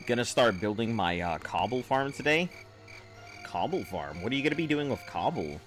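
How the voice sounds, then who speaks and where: A man's voice: medium pitch, big pitch swings, normal speed, a bit bright, faint music behind. A man streaming a game, chatting casually with viewers in a rambling, offhand way full of fillers. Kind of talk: casual live-stream chat.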